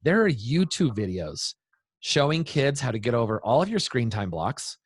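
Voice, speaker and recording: A man's voice: medium pitch, big pitch swings, normal speed, slightly rough, dry recording. A man in his thirties, a guest speaking to parents in an interview, talking with energy and acting out what kids say. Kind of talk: animated interview talk.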